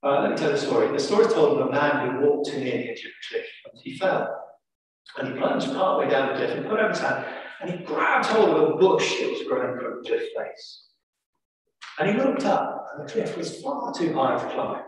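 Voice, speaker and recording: A man's voice: on the high side, animated, fairly quick. A man with an English accent preaching a sermon, telling a story with dramatic emphasis. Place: large church. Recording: echoey church from far off.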